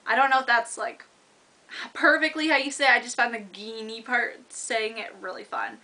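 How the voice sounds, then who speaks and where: A woman's voice: on the high side, moderate pace, pushed and bright. A young woman in university chatting casually to camera, rambling with lots of fillers and restarts. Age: young adult. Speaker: vlogger.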